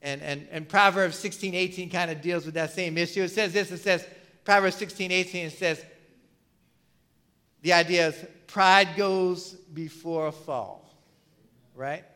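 A pastor preaching in a casual, conversational style, asking the congregation questions and using plenty of fillers. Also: male voice, sits high, measured pace, bright, forceful tone, clean tone. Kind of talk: sermon.

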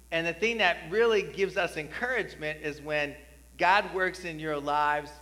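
A male pastor preaching a sermon in a conversational style, building to loud, repeated cries. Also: fairly high pitch, big-room sound.

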